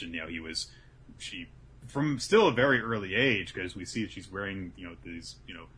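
A man's voice: low-pitched, lively intonation, a little fast, a bit bright, slight background noise. A man hosting a casual podcast, animatedly retelling a story and acting out the quotes. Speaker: podcast host.

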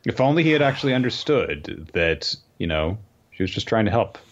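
Podcast co-host, man, very deep voice, dry asides, slightly dull sound. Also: sing-song, fairly quick. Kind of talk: casual chat.

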